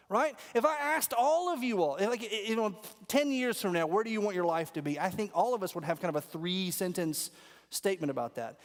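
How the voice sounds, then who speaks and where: A man preaching a sermon as pastor, telling animated stories and leading the congregation in call-and-response. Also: sits high. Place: church auditorium. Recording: long hall reverb.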